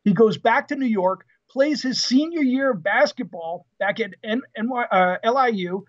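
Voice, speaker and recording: High-voiced man telling stories, dull audio. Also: normal speed. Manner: lively storyteller who acts out quoted dialogue. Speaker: podcast guest, retired Marine officer. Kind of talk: casual storytelling interview. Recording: dull lo-fi sound.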